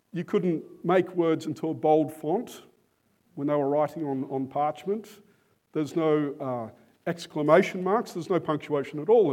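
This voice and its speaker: Slow, emphatic male preacher. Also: on the high side, darkish tone. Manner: emphatic, rhetorical questions, slow deliberate stresses. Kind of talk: sermon.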